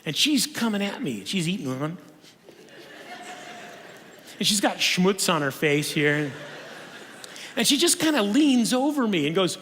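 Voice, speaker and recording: A man giving a humorous conference lecture in a church auditorium, telling stories in an animated way with frequent restarts. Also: sits high, unhurried, long pauses, slight background noise. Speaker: conference speaker. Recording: long reverb of a church hall.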